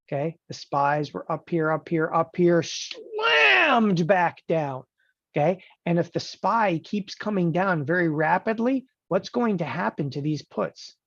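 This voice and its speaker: A man teaching options trading in an animated lecture, emphatic and joking, often checking in with the listener. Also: fairly high pitch, breathy edge, no room sound. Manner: emphatic, joking, keeps asking "okay?". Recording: dull lo-fi dry recording.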